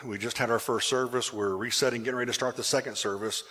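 Husky pastor telling a story. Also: male voice, medium pitch, fast. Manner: animated storyteller, drops to hushed tones for emotional moments. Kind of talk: sermon storytelling.

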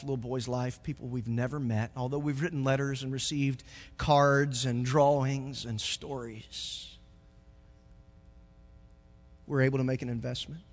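A pastor preaching a sermon, moving from quiet reflection to loud, joking stretches. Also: male voice, mid-range voice, big-room sound.

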